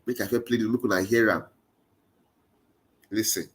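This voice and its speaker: A Nigerian Pidgin-accented political commentator speaks at a moderate pace in a steady, lower-pitched voice. His monologue is full of passion, returning again and again to rallying phrases that urge his listeners on.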